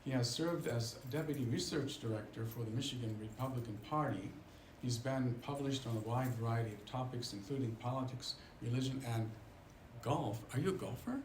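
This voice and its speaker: A man's voice: medium pitch, fairly quick, a little mellow. A man hosts the event and introduces the guest speaker with loose, rambling asides and easy laughs. His voice sits in a middle range. The room is echoey, with faint noise underneath. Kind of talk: casual introduction. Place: lecture hall at a seminary.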